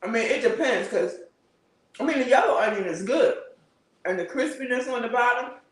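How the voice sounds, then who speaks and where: A man's voice: very high-pitched, expressive, moderate pace, fairly bright tone, distant mic. A man hosting a casual livestream, chatting and answering viewer comments with frequent laughter. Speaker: livestream host. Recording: roomy, a bit off-mic.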